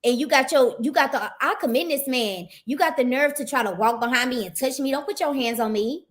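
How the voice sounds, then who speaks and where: A woman's voice: high voice, brisk. Indignant ranting woman reacting to a clip. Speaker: video reactor. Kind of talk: casual reaction commentary.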